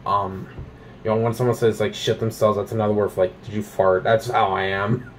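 A man's voice: on the low side, fairly quick, a little hiss or hum. A young man from Canada ranting casually about things he hates, swearing often and filling with "like" and "um". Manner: profane, animated ranting with many fillers. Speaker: vlogger.

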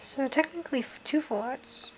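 A young woman in her twenties from the United Kingdom, murmuring card names one by one in a soft list and reacting with small bursts of excitement as she opens packs. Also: high-pitched, moderate pace, soft background music, rough recording. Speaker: card-opening vlogger. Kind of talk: casual card-opening commentary.

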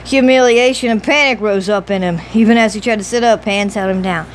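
A woman reading an audiobook novel in a steady, measured storytelling voice. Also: medium pitch, slight background noise, poor audio. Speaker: audiobook reader. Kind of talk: audiobook narration.

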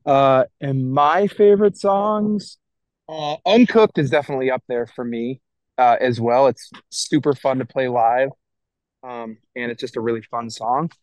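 A man's voice: mid-range voice, a little slow, no echo, poor audio. Man recalling things earnestly, dry mic. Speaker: guest musician. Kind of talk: casual interview chat.

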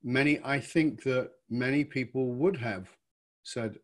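Interview host guy, tells a quick story then asks why, conversational. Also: mid-range voice.

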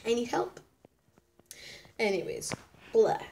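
A woman's voice: on the high side, lively intonation, slow pace, gravelly, background noise. A nineteen-year-old woman chatting casually in a vlog, bubbly and rambling, often restarting her sentences. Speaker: vlogger.

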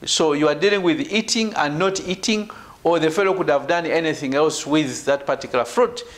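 A man from Uganda giving a university lecture, emphatic, with "right" and "ladies and gentlemen" tagged onto his phrases. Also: brisk. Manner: emphatic, falls low at phrase ends. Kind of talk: academic lecture.

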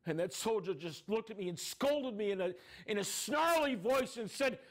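A dramatic storyteller performs a first-person monologue as an anguished younger brother describing his brother's suffering. His voice sits high for a man, with lively intonation and a moderate pace, staying earnest and emotional before swelling into grief-stricken cries.

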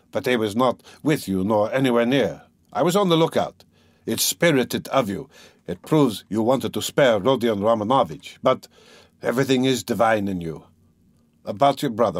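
A manipulative gentleman, measured and insinuating, pausing as he picks his words, voiced by a man reading an audiobook. His voice sits at a plain middle pitch. The recording is dry and close. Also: no echo, lightly acted.

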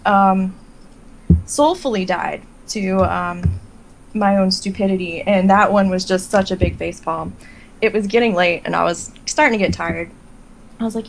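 A woman with a medium-pitched, gravelly voice speaks at a normal pace over a faint hiss or hum. She's a guest on a chat podcast, lively and laughing as she tells casual stories and acts out her own thoughts.

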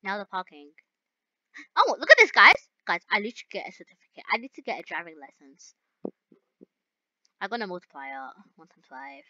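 A young woman playing a game and chatting to her viewers, bubbly and giggly, with excited outbursts. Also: on the low side, fairly quick, no echo, lo-fi sound. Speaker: gaming YouTuber. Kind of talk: excited gameplay commentary.

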